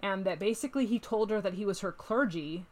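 A woman hosting a casual true crime chat, animated, reading letters aloud with emphasis. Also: mid-range voice, brisk. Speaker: podcast host.

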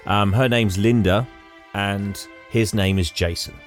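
A man's voice: lowish voice, fairly even intonation, a little slow, soft background music. A man co-hosting a casual podcast, retelling a film's story and acting out its lines with frequent laughs. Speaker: podcast co-host retelling a film. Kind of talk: casual chat.

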